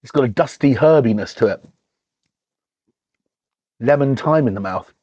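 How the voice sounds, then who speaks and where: A man's voice: mid-range voice, expressive, normal speed, a little mellow, slightly rough, no room sound, muffled recording. Chatty man tasting wine. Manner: chatty and enthusiastic, with frequent ums and restarts. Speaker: wine reviewer and show host. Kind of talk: casual wine tasting chat.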